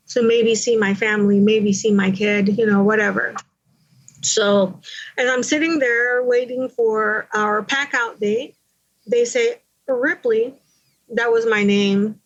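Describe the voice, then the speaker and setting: A woman's voice: medium pitch, dull audio. A woman from Panama candidly telling her own story in an interview, in a conversational way. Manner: candid, conversational, with many you-knows.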